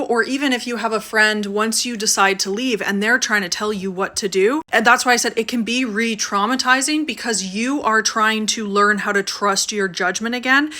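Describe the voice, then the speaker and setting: A female vlogger talks from a sauna, telling a personal story in a casual, conversational way with frequent fillers. Her voice is fairly high-pitched with a sharp tone.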